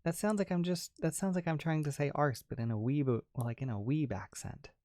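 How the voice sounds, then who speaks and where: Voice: mid-range voice, fairly quick, warm tone, no room sound, studio quality. A young adult ASMR creator hosting a casual livestream, chatting and reading out chat messages, with frequent giggles and a lot of "like". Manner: chatty, lots of "like" and restarts, giggles often.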